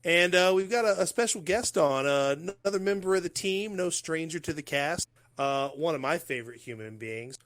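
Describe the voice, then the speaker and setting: A man with an American accent hosting a casual podcast, joking loosely and talking in quick bursts. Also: fairly high pitch, lively intonation, fairly bright tone. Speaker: podcast host.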